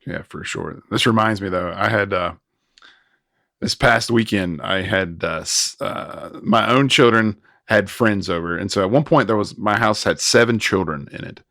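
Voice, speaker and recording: A man in his thirties co-hosting a casual film review chat, recapping scenes with quick asides and frequent laughs. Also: on the low side, gravelly, a bit bright, no room sound, clean studio sound. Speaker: podcast co-host.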